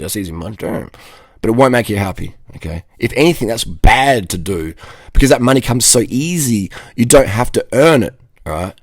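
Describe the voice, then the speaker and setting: A man's voice: medium pitch, dry recording. A man, ranting casually to camera in a blunt, rambling, profane way. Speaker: vlogger.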